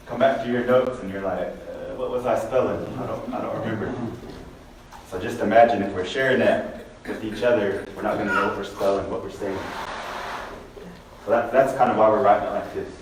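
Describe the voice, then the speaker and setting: A man's voice: lowish voice, fairly quick. A man co-teaching a language class, explaining casually to the students. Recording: echoey classroom from far off with background noise.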